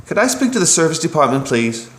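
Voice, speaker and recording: Brief: man playing reluctant sixty-ish woman bike customer, sighs a lot, higher voice. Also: big pitch swings, fast, a bit bright. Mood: weary. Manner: sighing, reluctant. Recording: roomy echo.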